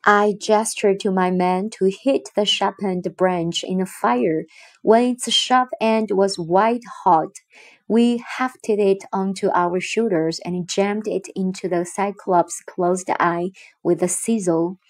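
A woman narrates a children's storybook in the first person, expressive and deliberate. She reads very slowly, letting each line land. Her voice sits at an ordinary middle pitch for a woman. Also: no echo. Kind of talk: reading a children's storybook aloud.

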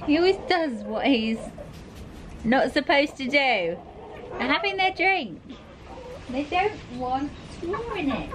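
A woman's voice: sits high, lively intonation, measured pace, long pauses. A woman from southern England chatting casually on a family vlog, cooing at pets and kids. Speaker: family vlogger. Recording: loud background noise.

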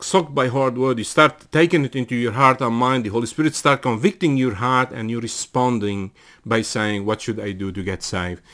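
Earnest preaching man, halting delivery. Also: mid-range voice, a bit bright. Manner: earnest preaching with frequent fillers and restarts, rising to emphatic calls. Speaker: pastor. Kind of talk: sermon.

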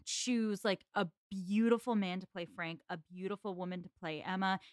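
A woman's voice: medium pitch, normal speed, dry recording, studio quality. A woman co-hosting a podcast, talking casually and peppering her speech with "like". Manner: chatty, peppered with "like". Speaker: podcast co-host. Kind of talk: casual chat.

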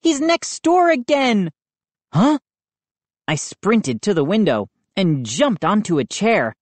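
A woman narrating a children's book aloud in an expressive storytelling manner. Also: sits low, dry recording. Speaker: audiobook narrator. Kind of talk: children's book read-aloud with character voices.

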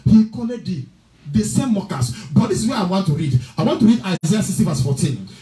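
A man's voice: high voice, big pitch swings, brisk, dark tone. A man preaching with fervor, chanting prayers and declarations and speaking in tongues at times. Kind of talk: sermon and prayer. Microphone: livestream. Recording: echoey room with music behind.

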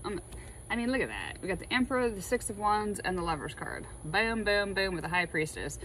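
A woman chatting casually while laying out tarot cards, excitable and full of spiritual musings. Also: medium pitch, fairly quick, a little hiss or hum, poor audio. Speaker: tarot reader.

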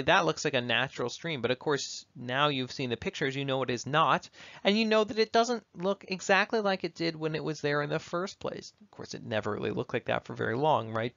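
A man's voice: a little high, vocal fry, fairly bright tone, no room sound, lo-fi sound. A male university lecturer giving a recorded lecture in a conversational way, often checking in with tag questions.

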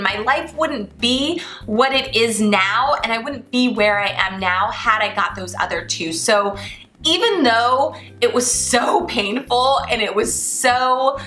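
A young adult woman, a flight attendant vlogger, telling a personal story to camera in an animated way, acting out the dialogue. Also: on the high side. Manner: animated, acts out quoted dialogue. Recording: roomy echo, faint music behind.

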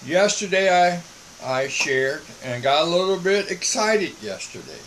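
A man's voice: high voice, expressive, a bit bright, slight background noise, low-quality recording. A man, a missionary broadcasting a casual monologue from home and checking in with "all right?". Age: 70s. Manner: slow, folksy, repeats "all right?".

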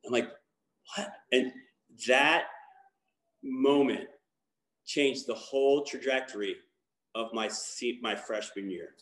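A man's voice: mid-range voice, takes it slowly, pauses often, fairly bright tone, echoey room. A man from Baltimore giving a candid personal testimony as a guest speaker, talking in a rambling way with many fillers and restarts. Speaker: guest speaker, lacrosse coach.

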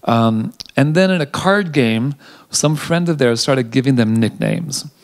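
In a behind-the-scenes interview, a theater director recounts history in an animated, chatty manner, saying "um" often. His voice is mid-range and a little slow.

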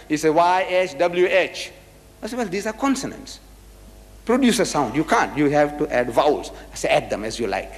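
A man's voice: a little high, in a large hall. A man giving a live lecture to an audience. He speaks emphatically, throws rhetorical questions at the crowd, spells out words and chants phrases. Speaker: public lecturer.

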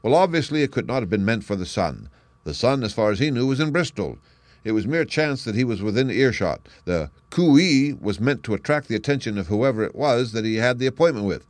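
A man voicing a confident male detective in an audiobook, crisp and brisk, pitching his voice up and speaking louder for the role. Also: lively intonation, no echo, natural voice. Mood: explaining. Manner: brisk, crisp, declaiming deductions. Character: sharp, confident male detective, lively and assured. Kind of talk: audiobook character reading.

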